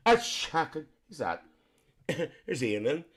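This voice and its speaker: A man's voice: fairly high pitch, sing-song, takes it slowly, a bit bright, breathy edge, heavily acted. A man voicing a cheeky, gossipy middle-aged Northern Irish aunty who chats with live-stream viewers and calls them dear. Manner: chatty, calls everyone dear, laughs often. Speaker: livestream host.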